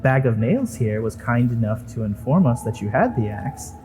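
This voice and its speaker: A man's voice: medium pitch, sing-song, normal speed, warm tone, close to an everyday voice, low-quality recording. A man voicing a scheming female villain who taunts and curses at the heroes she has betrayed, in a tabletop game. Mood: gloating. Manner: taunting, mocking, swears freely.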